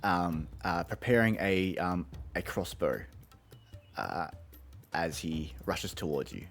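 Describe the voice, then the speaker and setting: A man running a tabletop game as game master, narrating chattily with many ums and pauses. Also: deep voice, expressive, faint music behind.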